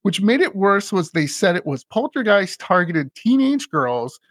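A man hosting a casual podcast chat, animated and laughing often as he retells scenes. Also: high-pitched, unhurried, dry recording. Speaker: podcast host.

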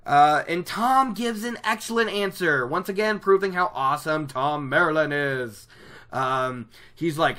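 Bright, chatty book recapper. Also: medium pitch, a little slow. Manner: chatty, rambling, self-correcting. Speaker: book reader discussing a chapter. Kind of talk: casual chapter recap. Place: at home by a laptop.

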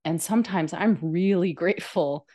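A woman co-hosting a casual conversation, relaxed and thoughtful, pausing with fillers as she talks. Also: on the low side. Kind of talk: casual chat.

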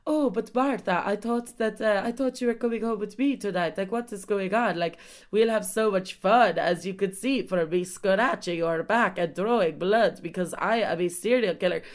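Girl putting on a creepy clingy young dude, wobbly fake euro accent, mid pitch. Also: normal speed, lightly acted. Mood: pleading. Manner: vague put-on European accent.

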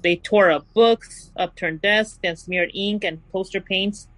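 A woman hosting a casual true crime podcast, telling the story and reading quotes out slowly and deliberately. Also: medium pitch, fairly even intonation, no room sound, rough recording.

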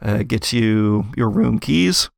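A man narrating as game master in an actual-play show, laid-back and halting with fillers. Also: on the low side, animated, vocal fry, no room sound, studio quality.

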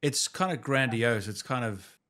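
A man's voice: mid-range voice, measured pace, fairly bright tone. A male host asking curious, encouraging questions in a casual interview. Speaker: podcast host.

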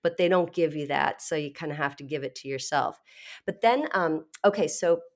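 A middle-aged woman guest in an interview, telling her story candidly and animatedly, with frequent laughs and quick restarts. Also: sits low.

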